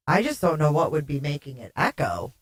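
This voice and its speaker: A woman with a somewhat low voice hosts a casual livestream and chats easily with her audience, reading their comments aloud. Her sound comes through oddly warbly and echoey. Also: big pitch swings, brisk, breathy edge. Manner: chatty, reads viewer comments aloud, laughs often. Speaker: livestream host.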